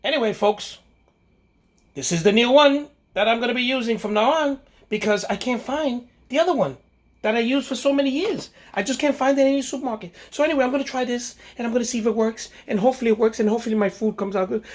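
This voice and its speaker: A man's voice: very high-pitched, pitched above the performer's own voice. A man voicing a flustered housewife in a homemade mock commercial. He plays her fretful, repeating herself as she hunts for seasoning. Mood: relieved.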